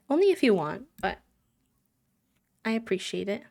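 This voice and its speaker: A woman's voice: medium pitch, big pitch swings, normal speed, gravelly, darkish tone. A woman live-streaming a game, chatting casually, giggling and cooing fondly at the characters. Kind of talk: casual chat while playing a life-sim game.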